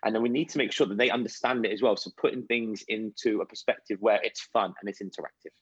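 A man's voice: lowish voice, fast talker, breathy edge, no room sound. A man who works as a children's nutrition coach, answering interview questions in a chatty, anecdotal way. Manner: chatty, anecdotal, animated storytelling. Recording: dull, lo-fi sound.

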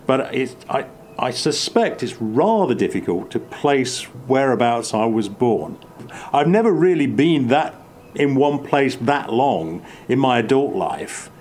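A man's voice: medium pitch, unhurried, slight background noise. A man with an English accent from the Midlands chatting reflectively at a table, often restarting his sentences. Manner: reflective, many restarts, animated bursts. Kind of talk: casual chat.

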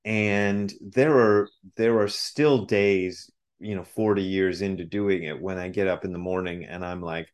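Deep-voiced man musing with many restarts. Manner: halting, repeats words, laughs often. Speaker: guest, Zen priest and author. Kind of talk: casual interview talk.

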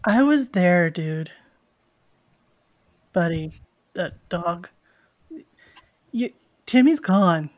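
A woman narrating as game master of a tabletop role-playing game with a dry, deadpan delivery. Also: fairly low pitch, very slow, long pauses.

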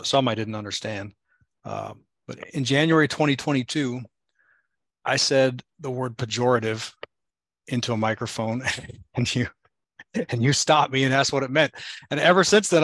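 A man's voice: medium pitch, fairly bright tone, dry recording. A man hosting a casual interview, rambling thoughtfully and laughing easily between his points. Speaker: podcast host.

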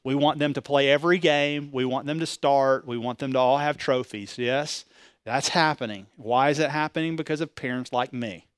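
A pastor preaching a sermon with animated delivery, asking the congregation rhetorical questions and pushing his voice up loud. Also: medium pitch, normal speed, clean tone, no room sound, clean studio sound.

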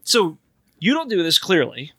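High, bright-voiced joking man. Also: huge pitch swings, moderate pace, slightly rough, no room sound. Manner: jokey, laughs often, wry asides. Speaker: podcast co-host. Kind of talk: casual chat.

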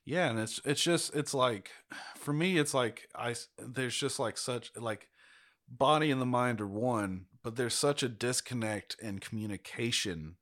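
A man's voice: mid-range voice, measured pace, a bit bright. A man in casual conversation, talking earnestly, peppering his speech with "like" and casual swearing. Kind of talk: casual chat.

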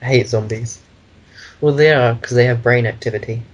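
Husky-voiced man rambling casually. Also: mid-range voice, steady tone, normal speed, highs cut off. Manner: rambling, meandering explanations. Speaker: podcast co-host. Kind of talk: casual chat.

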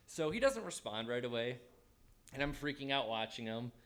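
A man telling a personal story in a casual, animated way, acting out his own thoughts as he goes. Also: medium pitch, moderate pace.

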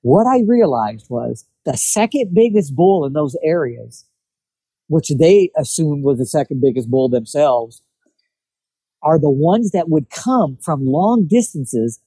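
A man's voice: a little high, unhurried, breathy edge, no echo, low-quality recording. A man telling a hunting story in a casual chat, acting out what people said. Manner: animated storyteller acting out quotes. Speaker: guest telling hunting stories.

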